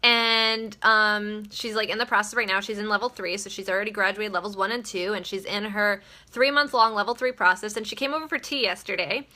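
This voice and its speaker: A woman's voice: mid-range voice, fairly even intonation, fairly quick, hardly any pauses, pushed and bright. A woman hosting her daily live video, giving casual motivational talk in a chatty, blunt way, swearing freely and laughing often.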